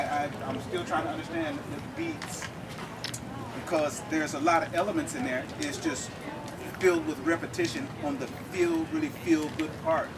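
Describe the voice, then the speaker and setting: A man teaching drum rhythms to a group in a lecture-demonstration, explaining step by step and often checking in with "okay?". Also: high voice. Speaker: drum instructor. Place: outdoor campus event. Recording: distant mic, clear outdoor noise.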